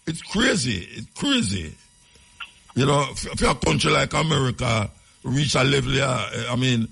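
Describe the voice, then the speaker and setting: A man's voice: medium pitch, gravelly, fairly bright tone, slightly rough. A man with a Jamaican accent hosting a casual radio talk show, talking in chatty patois with laughing asides.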